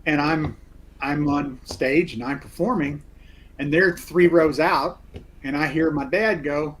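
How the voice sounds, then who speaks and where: Guest: man, theatre actor, animated storyteller, somewhat high voice. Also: normal speed, a little hiss or hum, low-quality recording. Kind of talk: casual chat, anecdote.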